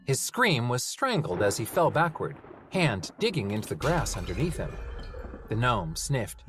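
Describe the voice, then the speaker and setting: A reader narrating a fantasy novel aloud in an expressive storytelling manner. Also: medium pitch, unhurried, background noise. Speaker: audiobook reader. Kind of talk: audiobook narration.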